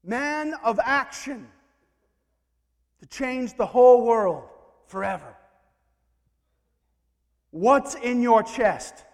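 Fervent high-voiced male preacher. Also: big-room sound. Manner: fervent, rising to exhortation with sudden quiet asides. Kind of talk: sermon.

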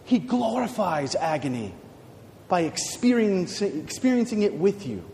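A male preacher giving a dramatic sermon, swinging from hushed words to shouts. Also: high-pitched, very animated, unhurried, slight background noise. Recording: long hall reverb.

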